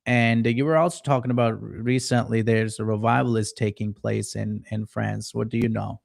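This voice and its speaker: A man hosting an interview, asking encouraging questions with a few halting restarts. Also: on the low side, steady tone, gravelly, no echo, studio quality. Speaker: host.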